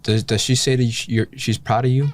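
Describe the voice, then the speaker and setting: A man's voice: mid-range voice, fairly even intonation, fairly quick. A man co-hosting a podcast, talking in a casual heart-to-heart way, reflective and candid, thinking aloud and sighing now and then. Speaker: podcast co-host.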